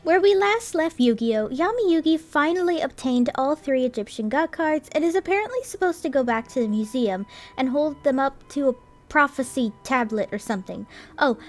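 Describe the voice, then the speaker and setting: High-voiced sarcastic young woman reviewer. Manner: sarcastic, swears casually, wry asides. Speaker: anime reviewer. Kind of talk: scripted review voice-over.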